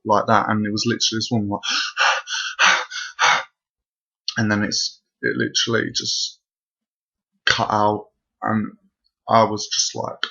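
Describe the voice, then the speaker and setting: A man's voice: on the low side, completely flat delivery, measured pace, gravelly, long pauses, pushed and bright, husky. A young man rambling through a spooky personal story at home, with lots of fillers. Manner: breathless, rambling, full of fillers. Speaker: vlogger. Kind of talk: casual storytelling to camera. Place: bedroom at home. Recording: dull lo-fi home recording.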